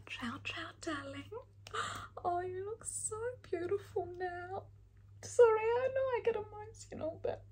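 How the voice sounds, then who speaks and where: A man's voice: very high voice, a little hiss or hum, full character voice. A man voicing a rich, fussy Australian mother in a whispered role-play, doing someone's lashes with frank backhanded compliments. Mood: fussing. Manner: breathy whisper, calls everyone darling, frank backhanded compliments. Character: rich doting Australian mum, blunt and fussy. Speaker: lash artist character.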